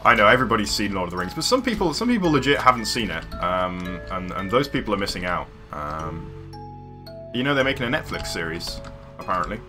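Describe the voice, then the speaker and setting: A man's voice: sits low, lively intonation, a little fast, over music. A man from near London, chatting casually on a game livestream, rambling with many fillers and restarts. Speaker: streamer. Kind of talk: casual livestream chat while gaming.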